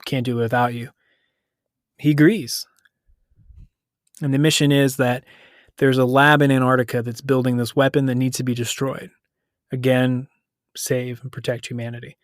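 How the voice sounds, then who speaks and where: Recorded dry with clean studio sound, this mid-range, level-toned voice belongs to a podcast host from the United States. He recounts a story in a relaxed, rambling way, catching and fixing his own slips and briefly paraphrasing what people said.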